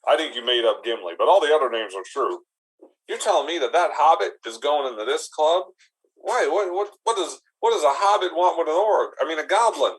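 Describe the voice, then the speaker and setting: A man doing a nervous, introverted male goblin in an improv comedy scene. He rushes his words and pleads for advice in a slightly raised voice. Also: medium pitch, animated, fairly bright tone, slightly rough, rough recording. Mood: excited.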